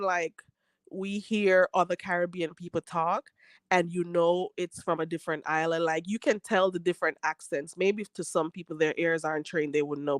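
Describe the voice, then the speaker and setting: A woman's voice: lowish voice, a bit bright, no room sound. A Jamaican woman hosting a livestream, chatting casually and reading viewer comments, laughing often and repeating phrases for emphasis. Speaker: livestream host.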